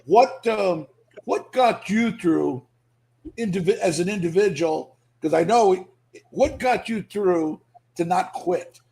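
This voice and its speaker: An American man hosts a podcast interview, his voice sitting high for a man. He asks a question slowly, searching for words and circling back. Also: expressive, creaky, a little mellow. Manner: hesitant, searching for words while asking. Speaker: podcast host.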